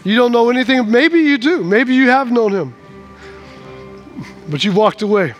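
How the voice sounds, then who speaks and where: A man preaching a sermon in church, swinging from hushed, slow lines to loud, acted-out shouts. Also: very high-pitched, lively intonation, faint music behind. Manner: acts out scenes in the voices of people in the story. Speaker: pastor.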